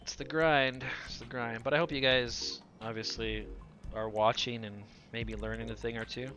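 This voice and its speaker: A man's voice: mid-range voice, fairly even intonation, moderate pace, sharp tone, soft background music. A man in his forties chatting casually on a live stream; he talks nonstop, laughs a lot, and his voice sounds younger than his age and sometimes cracks. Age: 40s.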